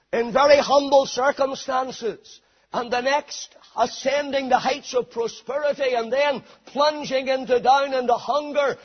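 A man preaching a sermon dramatically, swinging between hushed passages and shouted ones. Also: extremely high pitch, husky. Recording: dull lo-fi sermon recording.

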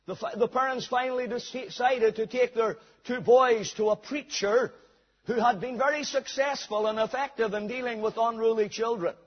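A man preaches a sermon, reading scripture aloud and then telling his listeners a story. His voice is high-pitched and husky, captured in a dull recording in a hall with long reverb.

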